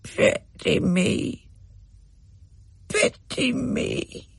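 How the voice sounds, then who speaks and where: A man voicing a small, subdued white budgerigar with a sad, hoarse voice, speaking slowly. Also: sing-song, dry recording, exaggerated voice. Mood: mournful. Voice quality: hoarse, croaky. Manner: slow, drawn-out and high. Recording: dry close recording.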